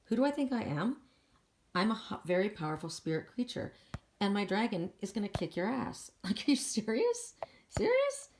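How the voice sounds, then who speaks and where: A woman's voice: medium pitch, lively intonation, moderate pace, a little hiss or hum, close to an everyday voice. A woman speaking as a fearless female warrior on a dragon, scoffing at her attackers and holding firm. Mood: defiant. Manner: defiant, scoffing, self-assured.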